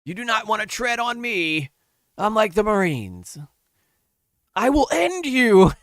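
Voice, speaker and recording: A man's voice: high-pitched, very animated, fairly bright tone, no echo, clean studio sound, voice pushed up, exaggerated voice. A man putting on the voice of a pompous, self-important man in a mocking impression. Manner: mocking, exaggerated slow boasting. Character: pompous self-important man bragging about ending careers.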